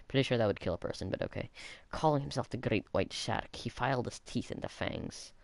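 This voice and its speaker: A man's voice: mid-range voice, fairly quick, gravelly, few pauses, dry recording. A man streaming a video game who chats with viewers and makes sarcastic jokes between passages he reads aloud. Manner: joking, chats back to viewers; sarcastic asides. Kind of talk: casual let's-play commentary, reading game bios aloud.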